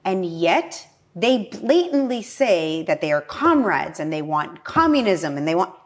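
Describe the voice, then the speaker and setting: A woman with a Spanish accent, a political candidate talking as a guest in casual conversation, animated and laughing often. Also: fairly low pitch, unhurried. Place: home.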